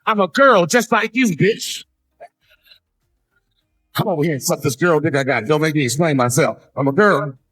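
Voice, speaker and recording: A man's voice: fairly high pitch, normal speed, long pauses, a bit bright, slightly rough, dry recording, soft background music. A man voicing a brash, threatening man who claims to be a woman in a women's jail, barking crude demands. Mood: aggressive.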